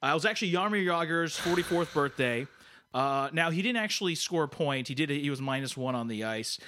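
A man's voice: a little high, animated, a little fast, sharp tone. A man co-hosting a podcast, chatty and teasing, with many restarts. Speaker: podcast co-host. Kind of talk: podcast talk.

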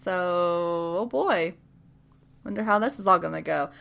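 A woman in casual chat, recapping a TV episode with lots of laughter and quick acted-out lines. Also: lowish voice, creaky. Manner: animated, laughing, swearing, acts out characters in quick voices. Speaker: podcast co-host recapping a TV show.

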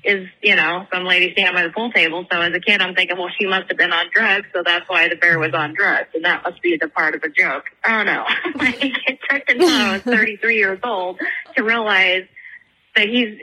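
A woman's voice: medium pitch, a little fast, sharp tone, breathy edge, poor audio. A woman in her thirties from Northern California, leaving a rambling, giggly voicemail story full of likes and ums. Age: 30s. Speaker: podcast caller.

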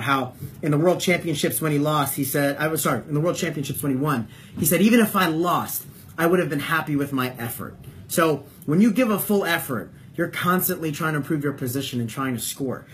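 Emphatic wrestling coach, slightly high voice. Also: male voice, a little hiss or hum. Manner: emphatic, repeats key points and asks yes-or-no questions. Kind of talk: coaching talk on a call.

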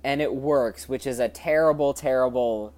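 A woman co-hosting a podcast, recapping a TV episode in casual chat, hesitant with fillers and quick to laugh. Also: extremely low pitch, a little mellow. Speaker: podcast co-host.

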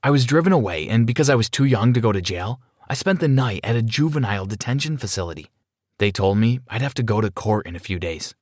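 A man narrating a dramatic first-person story in an expressive reading style. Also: mid-range voice, fast, no room sound, studio quality.

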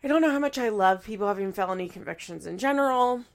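Casting note: young woman, podcast host, hoarse and congested, gravelly fry, casual rambling chat with laughs and fillers. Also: medium pitch, lively intonation, fast. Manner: chatty, laughs often, many fillers and restarts. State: stuffy nose and hoarse voice.

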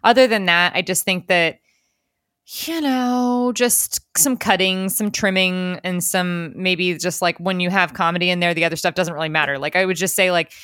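A young woman co-hosting a casual podcast chat, animated and laughing often, with lots of fillers. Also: lowish voice, normal speed, no room sound, studio quality. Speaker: podcast co-host.

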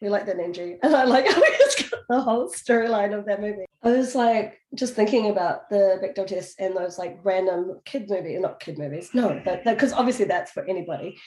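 A woman chatting casually on a podcast, relaxed and chiming in with short replies. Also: medium pitch, a little fast, hardly any pauses, echoey room. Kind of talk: casual chat.

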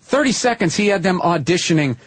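A man in casual podcast chat, telling profane, animated stories. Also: sits high, fairly quick, husky.

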